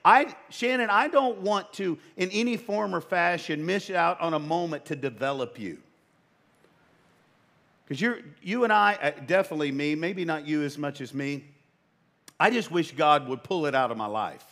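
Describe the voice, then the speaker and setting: A pastor in his fifties preaches a sermon in an emphatic, conversational style, with joking asides and sudden excited bursts where his voice jumps up. His voice is a little high, at normal speed.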